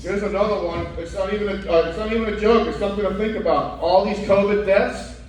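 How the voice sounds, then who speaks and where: A man's voice: sits high, fairly even intonation, fast talker, slight background noise. A middle-aged man doing wry stand-up comedy, asking the crowd rhetorical questions on a club stage. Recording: echoey club from far off.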